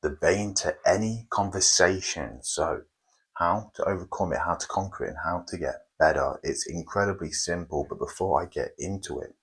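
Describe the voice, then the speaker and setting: A man hosting a motivational self-help video, speaking slowly and emphatically with dramatic pauses and tongue-in-cheek grandeur. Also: low-pitched, husky, low-quality recording. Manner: slow, deliberate, emphatic delivery with dramatic pauses. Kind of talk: motivational monologue.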